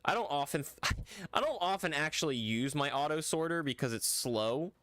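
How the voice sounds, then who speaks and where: A man's voice: a little high, animated, moderate pace, a bit bright, no echo. A man streaming a game, chatting casually and rambling to viewers with lots of "like" and "bro". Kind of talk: casual livestream chat.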